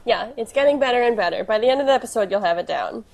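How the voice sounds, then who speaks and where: Higher-pitched woman podcast co-host. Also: rapid-fire, vocal fry. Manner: laughs often, animated and teasing. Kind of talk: casual recap chat.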